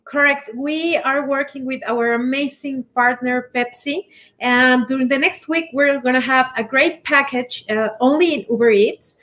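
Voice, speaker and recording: An enthusiastic woman with a high voice chats on a casual talk show. She teases her co-host and laughs easily. She talks about her business with eager energy. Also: moderate pace, fairly bright tone. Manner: enthusiastic, teasing, laughs often. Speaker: commercial director, guest on talk show.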